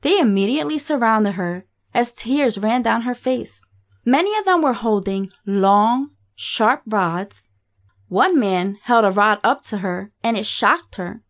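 A woman reading a graphic horror story aloud in a steady, matter-of-fact way. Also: on the high side, unhurried. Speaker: narrator. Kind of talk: scripted horror story narration.

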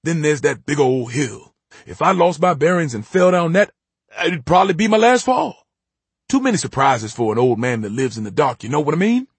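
A man reading an audiobook, voicing a gruff, guarded blind old grandfather with a terse, matter-of-fact drawl. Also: a little high, expressive, normal speed, no room sound, voice pushed up. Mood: confiding.

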